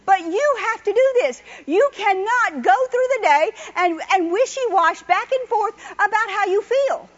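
A woman with a high, light voice gives a folksy sermon. She is chatty and exhorting, with easy laughter, and the recording sounds dull and lo-fi. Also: expressive, unhurried, hardly any pauses. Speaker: preacher. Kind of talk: folksy sermon with personal stories.

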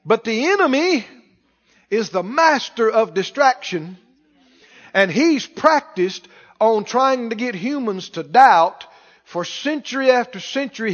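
A man's voice: very high-pitched, sing-song, slow, pauses often, fairly bright tone, big-room sound, highs cut off. A male preacher giving a sermon and asking the congregation rhetorical questions.

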